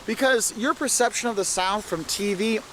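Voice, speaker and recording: An enthusiastic man with a fairly high, pushed and bright voice presents a travel video, talking directly to the camera at normal speed. He stands outdoors on a city street, with faint traffic noise in the background.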